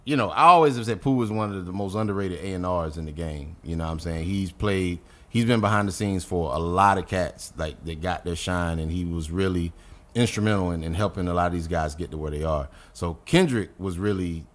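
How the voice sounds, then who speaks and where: A middle-aged man from North Carolina settles in as a podcast guest and tells long stories. He swears freely, acts out what others said, and talks in a somewhat low voice. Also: a little fast. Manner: animated, profane storyteller who acts out quotes. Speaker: guest rapper. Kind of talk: casual podcast storytelling.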